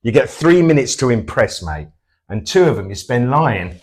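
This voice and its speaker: A man's voice: mid-range voice, very animated, normal speed. A man with a Portsmouth English accent, bantering and teasing with dry quips in a comic sketch. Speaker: comedy double-act host.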